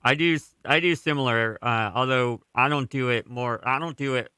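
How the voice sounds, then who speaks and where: A man hosting a college radio show, calmly reading a passage aloud and then chatting with his co-hosts. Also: medium pitch, clean tone, no echo. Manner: calm, measured, reads aloud then discusses. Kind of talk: casual radio chat.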